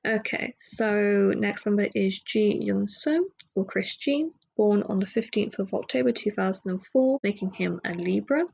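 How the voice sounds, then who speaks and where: A woman hosts her own podcast in a relaxed, rambling way, drifting into asides between facts. Her voice has a gravelly fry and a husky, breathy grain, and her pitch sits in an ordinary middle range. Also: normal speed, hardly any pauses, dull audio. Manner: rambling, chatty, with frequent fillers and asides. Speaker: podcast host. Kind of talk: casual solo podcast chat.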